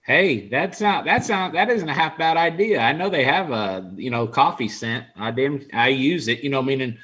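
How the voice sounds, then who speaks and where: A man's voice: medium pitch, animated, normal speed, fairly bright tone, husky, muffled recording. A man talking as a guest in a casual remote chat, plain-spoken and easygoing, often saying "you know". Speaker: guest angler.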